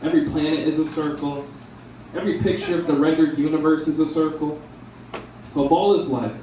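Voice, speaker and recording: Rambling young comedian in echoey bar. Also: male voice, fairly high pitch, steady tone, fairly quick, dark tone, a little hiss or hum. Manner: rambling, casual, lots of ums and dudes. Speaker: stand-up comedian. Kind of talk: stand-up comedy set. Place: bar lounge stage. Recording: echoey room from far off.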